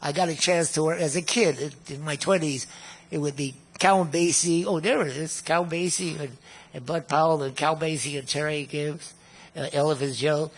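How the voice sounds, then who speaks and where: Husky nonagenarian man telling old stories. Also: on the high side, fairly even intonation, moderate pace. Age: 90s. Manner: rambling, repeats words, chuckles at his own tales. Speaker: guest musician. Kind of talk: storytelling reminiscence.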